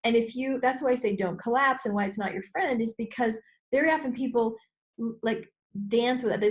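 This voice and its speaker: A middle-aged woman, a business coach being interviewed, talking expressively and acting out inner voices with sudden high exclamations. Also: fairly quick. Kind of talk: animated interview talk.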